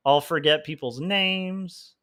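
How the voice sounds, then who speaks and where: A man's voice: fairly high pitch, slow, bright, forceful tone. A man hosting a livestream, chatting casually in a rambling, self-deprecating way with lots of fillers and laughter. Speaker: livestream host and comic artist. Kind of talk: casual chat while drawing.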